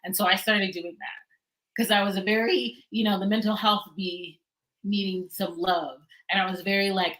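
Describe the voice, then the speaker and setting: A woman chatting casually on a livestream, animated and quick to laugh, often trailing off and restarting. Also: medium pitch, rough recording. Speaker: book blogger and guest co-host.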